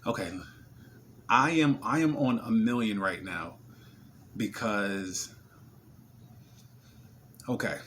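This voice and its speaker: A young man from New Jersey talking casually to camera in a video diary, slangy and excitable, his voice strained from screaming. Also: on the low side, slow, long pauses, slight background noise. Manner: excitable, slangy, repeats words when worked up. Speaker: vlogger.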